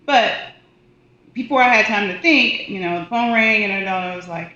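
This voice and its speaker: A woman who works as a hospice volunteer and death doula, telling a personal story in a casual, animated way. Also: a little high, normal speed. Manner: animated, acts out quoted voices. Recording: roomy, dull audio with faint noise.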